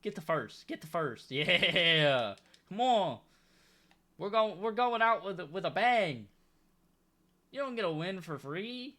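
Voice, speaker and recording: Young male gamer, high bright voice, exasperated comic whining as he plays. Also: animated, slow pace, pauses often. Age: young adult. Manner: exasperated, pleading, comic complaining. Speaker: gaming YouTuber. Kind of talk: live game commentary.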